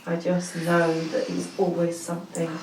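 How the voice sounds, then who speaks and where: A woman, a spiritual healer, leading a hushed, slow channeled session over a video call and then chatting casually with her client. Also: lowish voice, monotone, background noise. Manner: soft, slow, hushed incantations. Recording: roomy echo.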